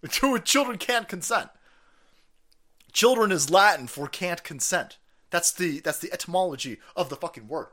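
A man hosting a livestream, ranting in profane, mocking commentary over video clips. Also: fairly high pitch. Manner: profane, mocking, loud outbursts. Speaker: streamer host.

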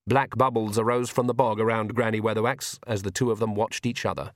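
A man reading a comic fantasy novel aloud as narrator, in a measured, wry storytelling manner. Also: lowish voice, steady tone, no room sound, clean studio sound. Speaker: audiobook narrator. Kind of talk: scripted narration.

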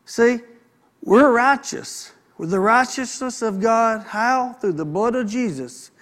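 A man's voice: extremely high pitch, slow pace, fairly bright tone. A man preaching a sermon in a folksy, conversational way, with asides to the congregation. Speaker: pastor.

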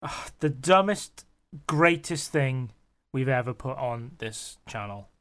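A man's voice: medium pitch, expressive, slow, fairly bright tone. A man hosting a casual podcast, laughing and swearing through the banter. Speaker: podcast host. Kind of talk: casual chat.

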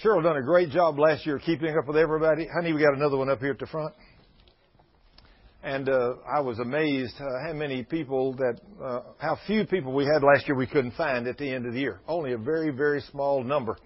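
A man's voice: mid-range voice, steady tone, fairly quick, husky. A man in his sixties preaching to a congregation, folksy and emphatic, slipping into fervent prayer. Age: 60s. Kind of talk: sermon. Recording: dull lo-fi recording.

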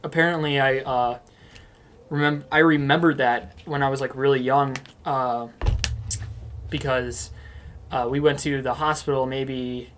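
A man's voice: mid-range voice, steady tone, unhurried, pauses often, a bit bright, a little hiss or hum. A young man co-hosting a casual podcast chat, rambling with lots of fillers and easy laughter. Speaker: podcast co-host.

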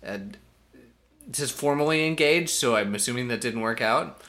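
A man's voice: medium pitch, normal speed, bright, forceful tone. A man co-hosting a casual podcast, chatty and laughing often as he reads out facts. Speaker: podcast co-host. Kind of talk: casual chat.

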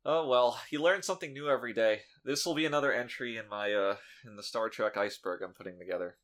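A man's voice: mid-range voice, fast, fairly bright tone. A man co-hosting a podcast in casual chat, talking with dry, sarcastic humor. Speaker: podcast co-host.

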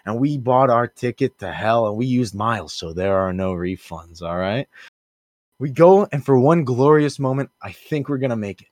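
A young man co-hosting a podcast, telling a rambling absurd story in an animated way and shouting out the characters' lines. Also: mid-range voice, normal speed, no room sound. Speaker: podcast co-host.

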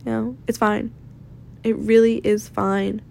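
A woman's voice: on the high side, level tone, a little slow, gravelly, darkish tone, slight background noise. Twenties woman from Maine, confessional vlogger, fried voice, blunt and rambling. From Maine, USA. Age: 20s. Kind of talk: candid personal vlog rant. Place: rented room at home.

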